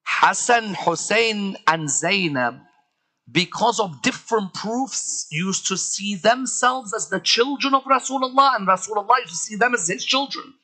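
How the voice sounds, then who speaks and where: A man delivering a dramatic sermon, swinging between loud outbursts and hushed lines and asking the audience rhetorical questions. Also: high voice, a little slow, low-quality recording. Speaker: preacher.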